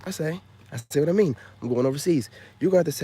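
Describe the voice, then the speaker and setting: A man telling a casual story to his viewers, his voice sitting a touch higher than most men's. He talks in a rambling, slangy way, padding every thought with filler phrases. He swings from loud boasting to hushed, near-whispered asides. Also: rapid-fire, slightly rough. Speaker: vlogger.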